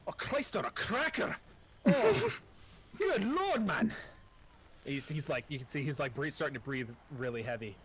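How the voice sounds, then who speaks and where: Male game master, mid-pitched, casual and profane, quick to laugh at himself. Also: a bit bright, slight background noise. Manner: casual, profane, self-deprecating, many fillers. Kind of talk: narrating a tabletop game.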